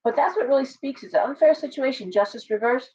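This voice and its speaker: A woman's voice: high voice, quick pace, darkish tone. A woman giving a casual live tarot reading, blunt and chatty, full of asides and restarts. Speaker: tarot reader. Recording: distant, dull lo-fi sound.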